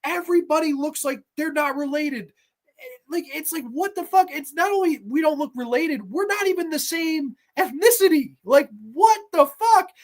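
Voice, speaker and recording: A woman's voice: sits high, moderate pace. A woman hosting a horror movie review, ranting in a sarcastic, exasperated and heavily profane way.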